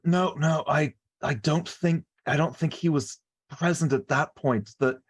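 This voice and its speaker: A man's voice: on the high side, measured pace. A man playing a tabletop role-playing game, often speaking in character and stammering and repeating words as he thinks aloud. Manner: stammering, repeats words while piecing things together. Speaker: player.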